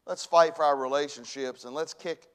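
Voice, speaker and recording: Male pastor, slightly high voice, folksy sermon with sudden loud bursts. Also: fairly even intonation, normal speed, smooth. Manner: folksy preacher, swings from hushed to loud bursts. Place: church sanctuary.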